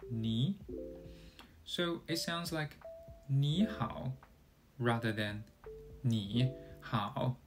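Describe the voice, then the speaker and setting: Male tutor, unhurried, mid-pitched voice, walks through sounds one by one over guitar music. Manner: careful, demonstrating sounds one by one. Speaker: Chinese language teacher. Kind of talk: slow explanatory language lesson.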